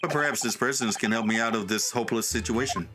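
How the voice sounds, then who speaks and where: A man's voice: medium pitch, quick pace, natural voice. A man voicing an anxious young lawyer in a game read-through, wry and fretful. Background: game music.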